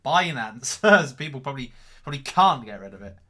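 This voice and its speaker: A man's voice: mid-range voice, animated, brisk, sharp tone. Rambling man on a livestream. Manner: rambling, repeats himself, swears casually. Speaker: crypto livestream host. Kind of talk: casual live-stream commentary reading chat.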